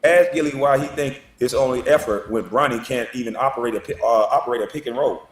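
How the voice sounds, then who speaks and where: A man's voice: mid-range voice, fast talker, echoey room, far from the mic. A man trash-talking in mocking video commentary, taunting his critics. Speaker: online commentator.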